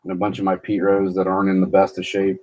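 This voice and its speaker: A man's voice: sits low, monotone, fast, a little mellow. A man chatting casually on a live stream about his baseball card collection, answering viewers' comments as he goes. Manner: rambling, chatty, reads viewer comments aloud.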